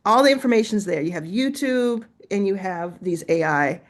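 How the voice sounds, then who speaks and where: A woman's voice: medium pitch, expressive, moderate pace. A woman hosting a casual screen-share tutorial, chatting and reacting as she goes, laughing to herself while she types and reads aloud. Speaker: host.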